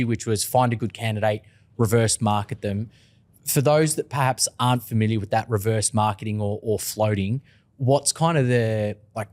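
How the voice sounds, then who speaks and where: A man's voice: fairly low pitch, darkish tone. A man co-hosting a recruitment podcast, asking questions in a casual, friendly way. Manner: casual and friendly, asks questions, says mate. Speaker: podcast co-host. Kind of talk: podcast interview.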